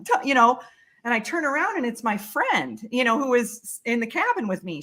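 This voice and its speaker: A woman, a guest on a talk show, telling a personal story with lively, emotional delivery. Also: high-pitched, normal speed. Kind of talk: storytelling in a casual interview.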